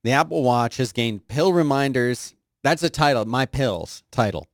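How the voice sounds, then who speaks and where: A man's voice: lively intonation, normal speed, no room sound. Joking podcast host man, dry studio sound. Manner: jokey, swings into high silly voices. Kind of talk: casual chat and news reading.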